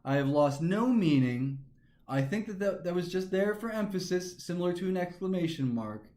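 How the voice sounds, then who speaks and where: Male teacher with a fairly high voice who talks methodically through each step; recorded in a reverberant room. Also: lively intonation, normal speed, a little mellow. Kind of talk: recorded grammar lesson. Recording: echoey room.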